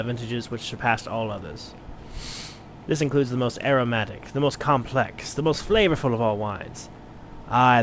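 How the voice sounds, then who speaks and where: A man voicing a blind retired mercenary turned wine merchant, measured, courteous and wordy, for a game playthrough. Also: medium pitch, a little hiss or hum, lightly acted. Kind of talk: let's play voice acting.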